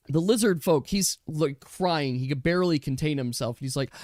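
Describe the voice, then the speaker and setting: A man narrating as game master of a tabletop game in an unhurried storytelling manner. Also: a little high, a little mellow, no room sound, clean studio sound.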